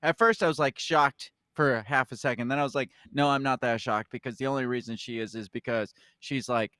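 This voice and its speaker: A man co-hosting a casual news podcast, chatting and acting out quotes in sudden high voices. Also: fairly quick, bright, forceful tone, dry recording, clean studio sound. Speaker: podcast co-host.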